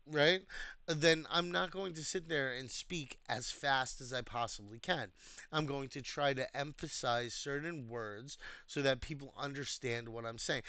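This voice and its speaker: A young American man with a fairly high, bright, forceful voice speaks casually and earnestly, recorded with no room sound. He's a community host reviewing threads, explaining his advice with lots of fillers and restarts.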